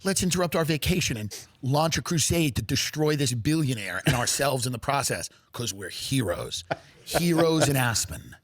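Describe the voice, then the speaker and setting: A man's voice: mid-range voice, lively intonation, normal speed, no echo, close to an everyday voice. A man voicing a smug, cavalier rich male vacationer who congratulates himself. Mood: mock-heroic.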